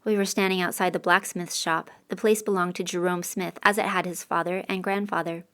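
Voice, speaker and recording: A woman's voice: lowish voice, fairly even intonation, brisk, a bit bright, clear, resonant tone. A woman reading a first-person novel aloud as an audiobook narrator, with a dry, sardonic delivery.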